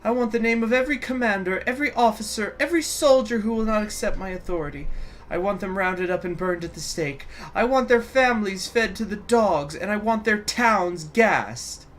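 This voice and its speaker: A man's voice: a little high, expressive, moderate pace, a bit bright, a little hiss or hum, voice pushed up. A man voicing a furious tyrannical female regent, ranting threats in a dramatic reading of a game story. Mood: enraged.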